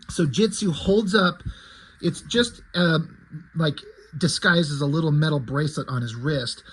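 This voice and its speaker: A man's voice: a little high, lively intonation, measured pace, a bit bright, breathy edge, poor audio. A man, a comic creator, casually recapping his story in a loose, rambling way.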